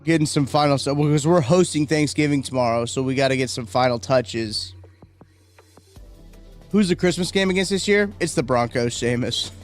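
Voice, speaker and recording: A male livestream host rambles casually through viewer comments, chatting, reacting to the chat, and yawning. His mid-range voice moves at normal speed, with faint music in the background.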